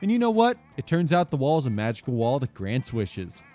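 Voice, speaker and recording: A man's voice: mid-range voice, a little fast, dry recording, faint music behind. A man reading out a party game's text to friends on a stream, with playful asides. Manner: animated, reads game text aloud with playful asides. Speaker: game narrator reading choices to friends. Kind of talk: casual group game stream banter.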